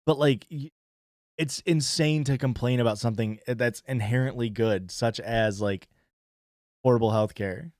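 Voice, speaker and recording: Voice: mid-range voice, moderate pace, a little mellow, no echo, clean studio sound. A stream host reacting to a TV show in casual, rambling commentary, sarcastic and full of swearing.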